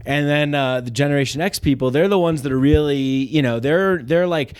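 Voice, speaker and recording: A man's voice: on the high side, brisk, clean tone, no room sound. A man hosting a comedy podcast, rambling and profane and often giggling. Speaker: podcast host.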